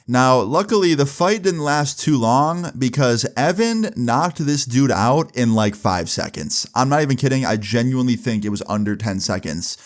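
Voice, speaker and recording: Chill guy in his 20s doing a storytime, lowish voice, says like a lot. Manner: relaxed, filler-heavy, keeps checking in with "right?". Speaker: YouTuber telling a story. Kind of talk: casual storytime narration.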